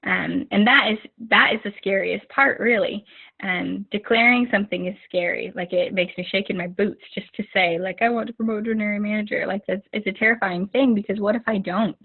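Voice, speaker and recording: A woman's voice: medium pitch, normal speed, vocal fry, breathy edge. A young woman giving an informal motivational talk over a video call, rambling, with many fillers and restarts. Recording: narrow phone-like video call audio.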